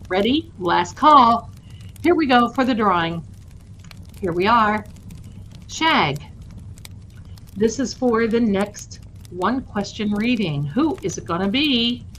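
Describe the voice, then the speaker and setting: Woman hosting a relaxed live stream, warm and talkative, unhurried delivery, faint room noise behind. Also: a little high, low-quality recording. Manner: chatty, affectionate, calls viewers my darlings. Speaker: host of a tarot channel livestream. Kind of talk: casual livestream chat.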